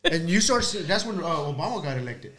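A man with a slightly raised pitch joins a casual podcast chat. He talks bluntly and teases the others. He often drops "dude" into his sentences. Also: big pitch swings, fairly quick, a bit bright. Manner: teasing, blunt, says dude a lot.

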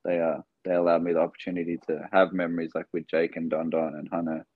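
Speaking fast in a level, low voice, this young Australian basketball player tells filler-laden, meandering stories as a guest on a relaxed interview. The audio sounds like a phone line, with crowd noise behind him.

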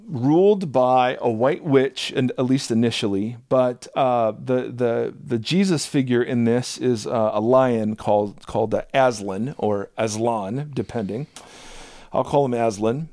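Man, podcast co-host, rambling storyteller, dry close sound, mid pitch. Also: dry recording. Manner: rambling, animated storytelling with many restarts. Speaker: podcast co-host and public speaker. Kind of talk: casual conversational chat.

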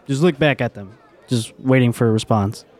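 A man's voice: mid-range voice, moderate pace, a little mellow, a faint crowd. Matter-of-fact man at a game table. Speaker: player. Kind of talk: casual tabletop game play.

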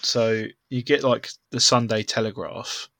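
Bright-voiced man telling stories. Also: mid-range voice, steady tone, unhurried, no room sound. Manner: swearing storyteller, laughs at himself. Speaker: podcast co-host. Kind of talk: casual chat.

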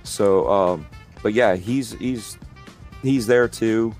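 A man with a somewhat low voice talks casually about gaming on a podcast. He rambles, repeats words as he restarts, and swears freely. Faint music plays behind him. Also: slow pace, darkish tone. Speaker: podcast co-host.

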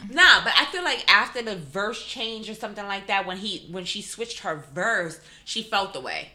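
A woman talks casually as a podcast co-host, expressive and slangy. Her voice is very bright and sharp, at a middle pitch. Her pitch swings widely, and she laughs often. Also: normal speed. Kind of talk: casual chat.

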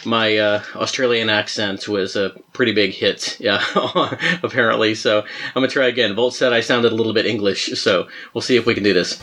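A man's voice: lowish voice, moderate pace, bright, forceful tone, soft background music. A man hosting a casual podcast chat, rambling and full of fillers, laughing often. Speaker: podcast host.

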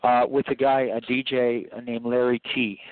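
A man's voice: medium pitch, completely flat delivery, moderate pace, no room sound. A man being interviewed as a filmmaker, telling long rambling stories with laughs and acted-out quotes. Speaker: filmmaker guest. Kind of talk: casual interview storytelling. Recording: dry, tinny phone-line sound.

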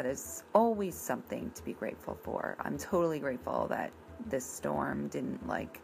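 A woman's voice: low-pitched, gravelly, a little hiss or hum, rough recording. A woman in her thirties from the area, chatting casually and bluntly, rambling and swearing now and then. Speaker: vlogger presenting a coloring page. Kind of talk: casual chat.

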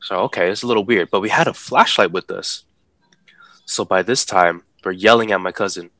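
Bright-voiced man telling a story. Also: low voice, brisk, no room sound. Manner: animated, acts out the voices of people in his story; laughs while talking. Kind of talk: casual storytelling.

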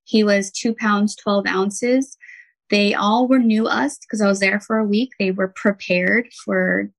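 A woman's voice: medium pitch, fairly even intonation, unhurried, vocal fry, poor audio. A woman, a podcast guest who works as a nurse and healer, telling a personal story in an earnest, heartfelt way with many "um"s and "like"s.

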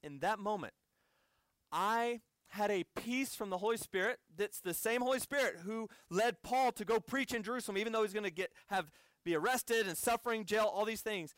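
A man's voice: high-pitched, fairly bright tone, no echo, studio quality. An American man preaching a sermon as a conversational story with asides to the audience. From United States.

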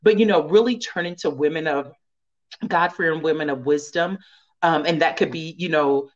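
A woman's voice: fairly low pitch, dull audio. A woman guest in a casual conversation, speaking earnestly about faith and often laughing.

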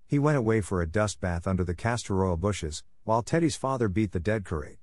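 A man reading a classic storybook aloud in a steady, clear way, narrating for English learners. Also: fairly low pitch, fairly quick, dry recording, studio quality.

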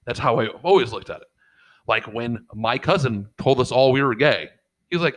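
A middle-aged man talks casually and swears freely. He rambles from story to story and acts out what people said. His voice sits at an ordinary middle pitch. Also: expressive, brisk, a bit bright, poor audio. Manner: profane, rambling storyteller who acts out quotes. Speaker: podcast co-host and father. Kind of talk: casual chat.

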